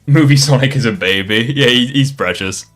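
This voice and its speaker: A man's voice: medium pitch, normal speed, a bit bright, soft background music. A man hosting a casual reaction chat, rambling, laughing and swearing often. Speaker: streamer host.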